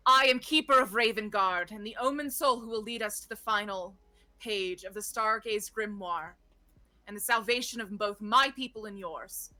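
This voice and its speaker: Woman voicing a proud young keeper, grand declaiming delivery, bright tone. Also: mid-range voice, moderate pace, close to an everyday voice.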